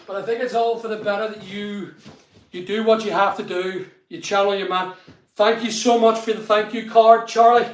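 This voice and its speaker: A man's voice: high voice, steady tone, moderate pace. A middle-aged man, chatting casually on a live stream and greeting viewers by name. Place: studio room being built. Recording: echoey unfinished room.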